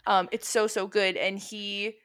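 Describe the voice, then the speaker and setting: A young adult woman co-hosting a casual chat, telling stories in a rambling, animated way and swearing casually. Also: mid-range voice, unhurried, smooth.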